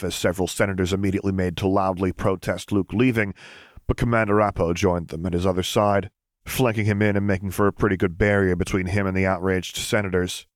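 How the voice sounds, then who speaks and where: A man narrating fan fiction as an audiobook reader, in a steady, measured way. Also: sits low, dry recording.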